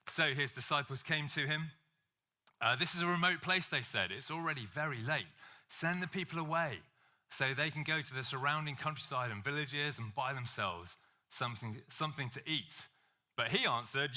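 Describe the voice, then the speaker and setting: A man's voice: mid-range voice, fairly quick, pushed and bright. A man preaching a sermon, telling funny stories and acting out the voices of the people in them. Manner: humorous storytelling, acts out quoted voices.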